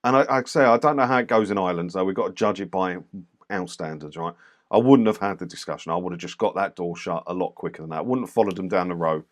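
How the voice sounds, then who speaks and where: A man's voice: deep voice, fast talker. A man casually commenting on doorstep clips for his channel, blunt and mocking. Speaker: YouTube commentator reviewing clips.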